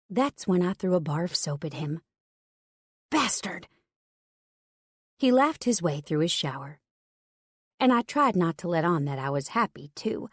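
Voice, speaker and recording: A woman narrating a first-person romance audiobook in a steady, wry storytelling manner. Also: fairly low pitch, a little slow, long pauses, slightly rough, no room sound, clean studio sound.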